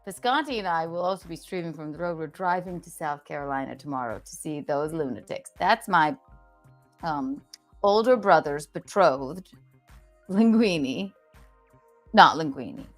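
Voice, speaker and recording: A woman's voice: low voice, animated, normal speed, soft background music. A woman hosting a livestream in casual chat, playful and talkative, often restarting her sentences. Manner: chatty and playful, with many restarts. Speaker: livestream host.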